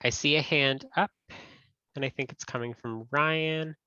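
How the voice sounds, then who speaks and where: A man's voice: fairly high pitch, steady tone, a little slow, bright, forceful tone, smooth, no room sound. A man presenting a webinar and answering questions, in a casual, friendly way and correcting himself as he goes. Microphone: video call. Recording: dull dry audio.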